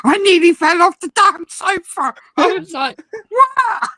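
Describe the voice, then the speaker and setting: A woman with a high voice tells lively, rambling stories in casual chat. She slips into quick imitations of a swearing parrot. The sound is dry and close. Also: dry recording, low-quality recording. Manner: animated storyteller, mimics a swearing parrot.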